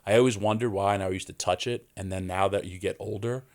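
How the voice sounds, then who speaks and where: A man, a podcast guest telling animated stories and acting out quoted voices. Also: deep voice, fast. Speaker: wrestling guest. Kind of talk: storytelling in a podcast interview.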